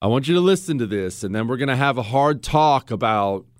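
Sarcastic, lively talk radio host man. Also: mid-range voice, fairly quick, no echo, studio quality. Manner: sarcastic and animated.

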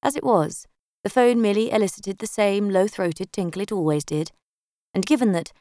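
A woman's voice: medium pitch, moderate pace, mellow, no room sound. A woman narrating a first-person story in a wry, dryly sardonic way, close to the mic. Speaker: audiobook narrator.

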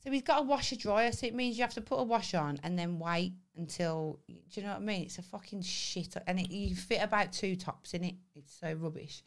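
Sweary, lively woman. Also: medium pitch, fairly quick, few pauses. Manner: sweary, animated storytelling with laughs. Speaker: podcast co-host. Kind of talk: casual chat.

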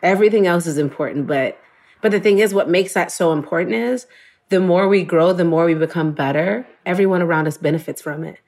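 A woman's voice: fairly low pitch, brisk, darkish tone. A woman telling an emotional personal story in an earnest, conversational way, full of "like" and quoting her own thoughts. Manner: earnest, emotional, fillers of "like", quotes herself.

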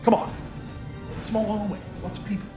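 A woman's voice: mid-range voice, flat delivery, normal speed, dark tone, roomy sound, soft background music. A woman playing a tabletop game, playfully protesting and planning her moves. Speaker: player. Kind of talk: casual tabletop play.

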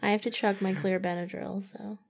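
A woman co-hosts a casual late-night movie podcast. Her mid-pitched voice carries heavy vocal fry. She delivers jokes in a dry, teasing way. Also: flat delivery, a little fast. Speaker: podcast co-host.

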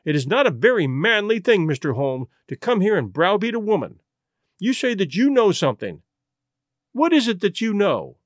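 A man's voice: sits high, sing-song, moderate pace, no echo, clean studio sound. A man reading an audiobook, voicing a distraught, proud young aristocratic wife in an imploring, emotional way. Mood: defiant.

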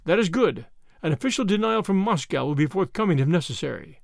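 Brief: sibilant, soft-spoken male ringleader, calm command, high voice, read by a male narrator. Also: a little fast, gravelly, dry recording, studio quality. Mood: cool. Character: soft sibilant male conspiracy leader, cold.

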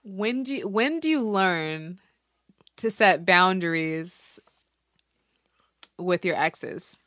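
A woman's voice: lowish voice, slow pace, a bit bright, no echo, clean studio sound. A woman hosting a casual chat, teasing and reactive, asking pointed questions.

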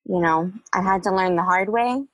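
A woman's voice: mid-range voice, moderate pace, no echo, rough recording. A young woman, a guest in an interview, telling a personal story candidly and reflectively, with many fillers.

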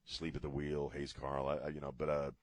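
A man's voice: rumbling low, monotone, brisk, no echo. A middle-aged man hosting a casual talk radio show from a studio, rambling and joking off the cuff. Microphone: studio mic.

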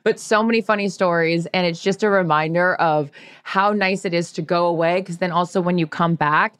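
A woman's voice: on the low side, moderate pace, clear, resonant tone, no room sound. Chatty woman podcast co-host, dry sound. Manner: animated storyteller, laughs often, acts out quotes. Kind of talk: casual chat.

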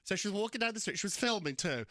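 A man tells gossip stories in a bright, ringing voice that swoops up high as he acts out the people he quotes. He sounds dry and close to the mic, with no room around him. He is excitable and theatrical. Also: rapid-fire, no echo. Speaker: celebrity gossip co-host. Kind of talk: animated gossip chat.

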